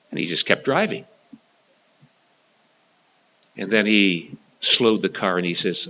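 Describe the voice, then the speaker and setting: A man's voice: lowish voice, animated, normal speed, pushed and bright, low-quality recording. A man preaching a gospel sermon, telling a story in an earnest way and building to emphatic, repeated lines.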